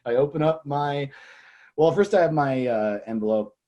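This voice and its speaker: A man's voice: fairly high pitch, normal speed, mellow, lo-fi sound. A young man on a podcast, telling a long story, acting out the people in it and swearing a lot. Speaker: comedian guest.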